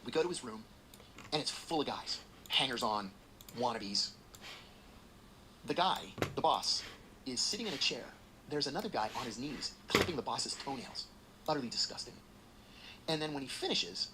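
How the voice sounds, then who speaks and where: A middle-aged man, a podcast guest, telling a story in an animated way and acting out the voices of the people in it. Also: mid-range voice, background noise. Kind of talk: storytelling anecdote.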